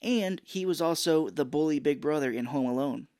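A man co-hosting a casual movie podcast, chatting and joking, sometimes slipping into quick silly voices. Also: fairly high pitch, a little mellow, no echo. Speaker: podcast co-host. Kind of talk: casual movie-review chat.

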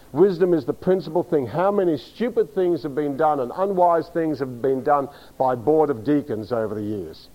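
A man's voice: a little high, lo-fi sound. Emphatic man preaching a sermon. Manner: emphatic, spells words out, asks the congregation. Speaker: pastor. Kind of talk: sermon teaching.

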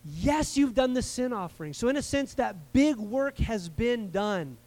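A man's voice: very high voice, lively intonation, unhurried, a little mellow. A man preaching a sermon to a live congregation in a conversational way, repeating words for emphasis and checking in with his listeners. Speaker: pastor. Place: church service before a live congregation.

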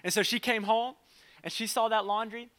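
A young man preaches as pastor in an easygoing, conversational manner, dropping quick asides and comic stories along the way. His high voice is smooth and sharp-toned, with fairly even intonation.

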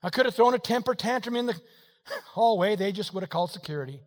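A man preaching a sermon, telling a story in an animated way and swinging between quiet and loud passages. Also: sits high, quick pace, in a large hall. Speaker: pastor.

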